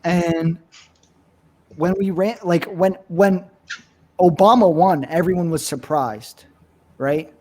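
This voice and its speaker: A man's voice: on the high side, slow, long pauses, dark tone. Young man telling loose stories. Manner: swearing, laughing storyteller. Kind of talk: casual chat.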